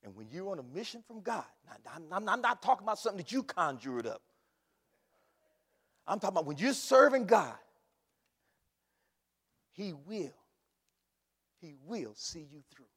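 A man with a high, bright voice preaches, swinging between quiet storytelling and shouts of praise. His voice swoops widely in pitch and rings out through a church hall with a long echo. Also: sing-song, moderate pace, pauses often, slightly rough. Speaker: pastor. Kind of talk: sermon. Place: church sanctuary.

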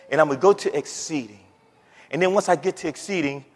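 A man preaching a sermon, moving from quiet scripture reading to loud, excited preaching, with folksy stories and repeated words. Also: a little high, quick pace, breathy edge, in a large hall. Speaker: pastor.

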